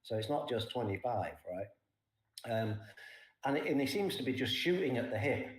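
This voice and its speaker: An older man talks through trading ideas in a relaxed, explanatory way, checking in with his listener after each point. His voice sits at an ordinary pitch, and the recording has a noticeably echoey room around it. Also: normal speed. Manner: explains points plainly, often tags "right?". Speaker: trading guest. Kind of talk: casual market talk.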